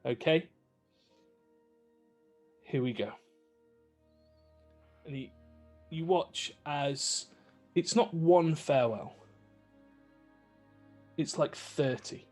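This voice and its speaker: A man's voice: a little high, extremely slow, long pauses, darkish tone, soft background music. A man narrating a tabletop game as game master, vivid with many fillers.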